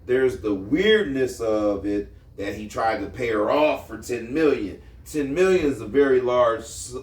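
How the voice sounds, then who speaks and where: Man, podcast co-host, blunt and streetwise, mid-pitched, roomy distant sound. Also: animated, unhurried. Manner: blunt, explains at length, streetwise slang. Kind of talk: casual opinionated chat. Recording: echoey room, mic at a distance.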